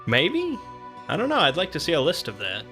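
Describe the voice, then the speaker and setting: A man's voice: fairly high pitch, wildly swooping pitch, a little fast, creaky, sharp tone, faint music behind. A man hosting a let's play, giving casual game commentary in a musing, offhand way.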